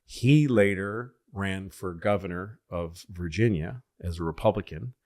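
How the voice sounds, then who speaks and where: A man tells long comedic stories in a loose, rambling way. He corrects himself as he goes and swears casually. His voice sits on the low side. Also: measured pace, a little mellow. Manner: rambling, self-correcting, profane.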